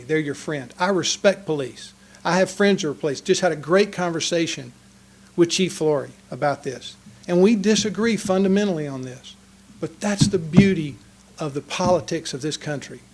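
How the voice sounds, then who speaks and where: A man's voice: a little high, animated, moderate pace, a little mellow. A man giving an earnest, passionate public comment speech at a council meeting. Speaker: citizen speaking at a city council meeting. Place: council chamber.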